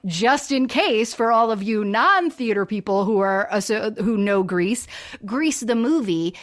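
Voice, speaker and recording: A woman's voice: medium pitch, animated, unhurried. A woman co-hosting a podcast in casual chat, talking emphatically and restarting as she argues her point. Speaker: podcast co-host.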